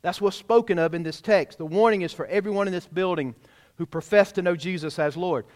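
Male pastor, sermon, emphatic preaching, high voice, long church reverb. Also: brisk, a little mellow. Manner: emphatic preaching, rhetorical questions to the congregation. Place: church sanctuary.

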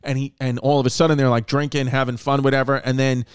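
A man's voice: mid-range voice, flat delivery, fast, clear, resonant tone, no echo, studio quality. A man in casual podcast chat, telling a long story with many fillers and restarts. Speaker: podcast host.

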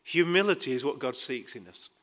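A man preaching a sermon, emphatic, rising to loud pleading passages and dropping quiet again. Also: mid-range voice, lively intonation, brisk. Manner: acts out quoted dialogue with dry humor.

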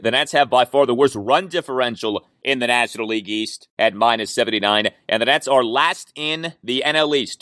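A man's voice: mid-range voice, fairly bright tone, dry recording. A man hosting a sports talk podcast, giving an opinionated, stats-heavy rundown of a baseball game from a studio microphone. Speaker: podcast host.

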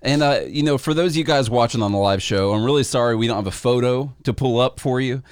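A man co-hosting a casual news podcast, medium-pitched and easygoing. He laughs easily and trips over unfamiliar names. The recording is dry and close. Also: fast talker, clean tone, dry recording. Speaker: podcast co-host.

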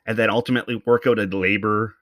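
A man's voice: lowish voice, steady tone, fast, a bit bright, no room sound. A man hosting a solo podcast, talking bluntly and with some swearing in an opinionated, rambling monologue into a podcast microphone. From Canada. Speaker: podcast host.

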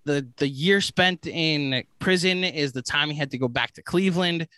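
A man guesting on a podcast, talking in a bright, forceful voice. He rambles enthusiastically, with plenty of filler words. His sound is dry and close. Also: on the high side, normal speed, clean tone, no room sound. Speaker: guest, movie podcast host. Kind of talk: casual podcast chat.

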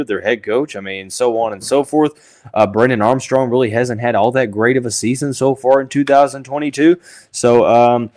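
A man hosting a sports podcast, thinking out loud with lots of fillers and restarts, who has the hiccups. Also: mid-range voice. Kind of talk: casual sports analysis podcast.

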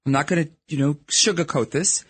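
A man's voice: fairly high pitch, brisk, a bit bright, slightly rough. A middle-aged man with a Brooklyn accent, speaking as a guest on a radio show in a candid, chatty way. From New York. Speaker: guest, real estate podcaster. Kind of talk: casual radio interview chat. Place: radio studio.

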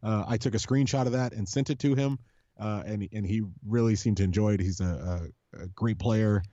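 A man with a mellow, dark voice chats on a podcast, rambling through fan stories with many restarts and plenty of swearing. The sound is dry and a little muffled, with no room echo. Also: lowish voice, brisk. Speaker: podcast co-host, supporters' group leader. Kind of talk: casual podcast chat.

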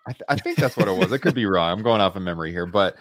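A man hosting a podcast with a lowish voice, running through figures and news in a steady, casual flow. The sound is dry and close to the mic, with no room around it. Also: no room sound. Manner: steady, fact-heavy, quick asides. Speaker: podcast host.

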